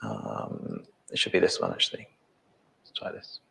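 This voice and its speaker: A middle-aged man presenting a live software demo, thinking aloud with many ums and restarts. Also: a bass voice, very animated, normal speed, creaky.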